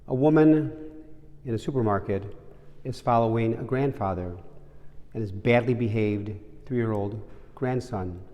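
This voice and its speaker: Priest with a mellow voice in a cathedral. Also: male voice, mid-range voice, a little slow. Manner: warm storytelling, conversational. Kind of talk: sermon reflection. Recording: long reverb of a large cathedral.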